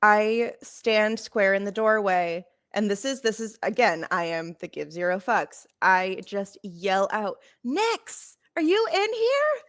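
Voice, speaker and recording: A woman's voice: mid-range voice, steady tone, measured pace, few pauses, a bit bright, smooth. A woman playing a tabletop game, blunt and offhand, swearing casually as she describes her moves. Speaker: player. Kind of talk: tabletop role-play chat.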